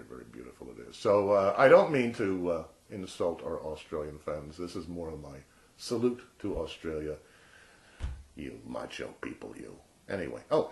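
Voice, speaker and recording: A man's voice: rumbling low, vocal fry. A man in his sixties chatting casually and jokingly to camera as a vlogger. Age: 60s. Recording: roomy echo.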